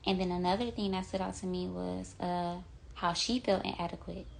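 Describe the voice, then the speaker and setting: A young woman vlogger shares a devotional message into her phone, earnest and rambling, leaning heavily on "like" and "you know." Her lowish voice has fairly even intonation, normal speed and vocal fry, with slight background noise.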